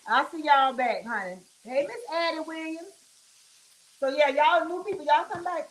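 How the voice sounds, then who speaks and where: Woman livestream host, high voice, folksy chatter, echoey kitchen with fish sizzling behind. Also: a little fast. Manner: chatty, folksy, calls viewers honey and child. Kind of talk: casual livestream chat while cooking. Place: home kitchen. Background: fish frying and sizzling.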